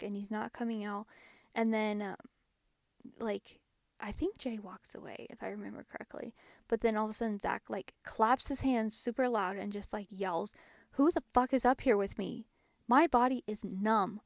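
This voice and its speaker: A woman's voice: medium pitch, no room sound. Woman host, casual ghost-story podcast, lots of fillers, dry close sound. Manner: chatty, filler-heavy retelling.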